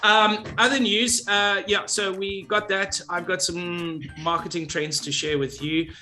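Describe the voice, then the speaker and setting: Bright-voiced goofy male co-host. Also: high voice, unhurried, soft background music. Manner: goofy, jokey, animated. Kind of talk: playful business show chat. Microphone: video call.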